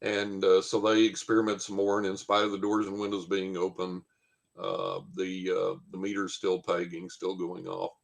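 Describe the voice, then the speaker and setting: A man tells a long anecdote in a fairly low voice. He rambles along with many "uh"s and acts out what other people said. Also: completely flat delivery, normal speed, creaky. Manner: rambling anecdote with many fillers and quoted dialogue. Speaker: guest storyteller. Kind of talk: casual storytelling.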